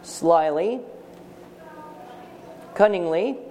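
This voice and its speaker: A man's voice: high voice, lively intonation, drawn-out words, dark tone, a little hiss or hum. A man teaching a writing workshop for parents in a seminar room with a live audience. He is emphatic and joking, and he quizzes the listeners.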